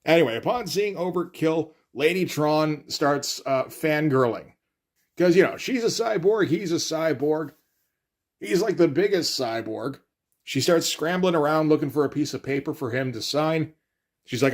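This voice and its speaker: A man's voice: fairly high pitch, moderate pace. Man, casual comic read-through, offhand, rambling, lots of fillers. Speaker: comics commentator.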